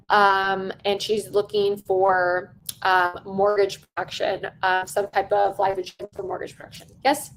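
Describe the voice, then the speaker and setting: A woman's voice: mid-range voice, slight background noise, rough recording. A woman teaching sales-call technique in a conversational coaching lesson. She stresses points by repeating them and often checks in with "right?". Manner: emphatic, repeats key phrases for stress. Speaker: sales trainer.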